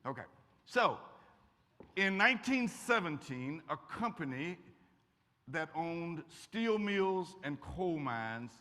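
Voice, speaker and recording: An older guest speaker from Eastern Kentucky talks slowly in a fairly high, pushed, bright voice with big pitch swings. He's giving a folksy, jokey college lecture followed by audience questions, captured in an echoey auditorium.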